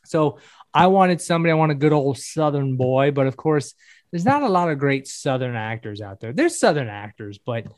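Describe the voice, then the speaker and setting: A man's voice: on the high side, very animated, moderate pace, no echo. A man from the American South chatting casually on a podcast, rambling and correcting himself as he speculates.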